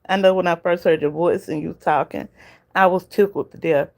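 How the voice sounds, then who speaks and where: A woman's voice: lowish voice, steady tone, normal speed, creaky, darkish tone. A woman with a Southern US accent hosting a casual livestream, talking straight to viewers in the chat and laughing often. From Southern United States. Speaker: livestream host.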